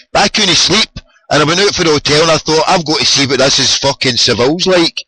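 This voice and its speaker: A Scottish man telling football-trip stories in a sweary, excitable casual chat. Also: fairly high pitch, fast, breathy edge, poor audio.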